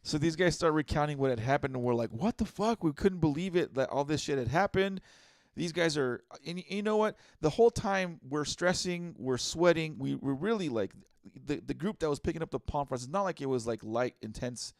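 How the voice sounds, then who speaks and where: A man's voice: a little high, brisk, gravelly, dry recording. A man, chatting casually on a podcast and recounting a story. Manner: relaxed, chiming in with agreement. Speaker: podcast co-host.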